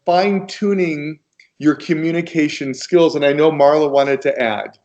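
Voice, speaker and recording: An American man speaking as a guest on a video call, talking in a slow, gentle and encouraging way. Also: a little high, lo-fi sound. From United States.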